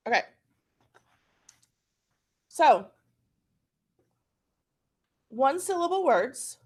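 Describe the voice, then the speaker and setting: A woman's voice: sits high, sing-song, extremely slow. A woman with an Oklahoma accent teaching a phonics lesson, patiently repeating words for students to practice.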